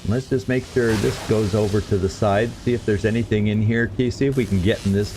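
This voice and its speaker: A man's voice: on the low side, steady tone, a little fast, darkish tone, a little hiss or hum. A man streaming a game, chatting casually and stumbling over tricky words as he reads lore. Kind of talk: let's play commentary.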